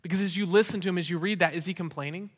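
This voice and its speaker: A man's voice: sits high, rapid-fire. A man preaching a sermon as pastor, in an earnest, conversational way with rhetorical questions. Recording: long reverb of a large hall.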